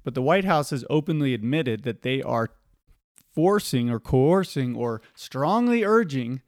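A man's voice: mid-range voice, lively intonation, unhurried, darkish tone, no room sound. A man hosting a podcast in casual chat, rambling with asides and restarts into a studio microphone. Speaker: podcast host.

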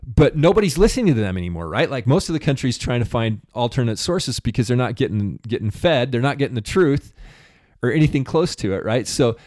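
A man's voice: medium pitch, big pitch swings, a little fast, a little mellow, dry recording, studio quality. Rambling male podcast co-host. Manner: rambling, with many restarts. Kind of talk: casual conversation.

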